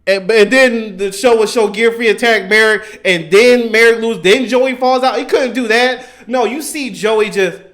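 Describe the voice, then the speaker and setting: A young man telling an excited, rambling story about a cartoon moment, often acting out the characters in a raised voice. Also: sits high, moderate pace, few pauses. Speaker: YouTuber reacting to anime. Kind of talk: casual animated storytelling.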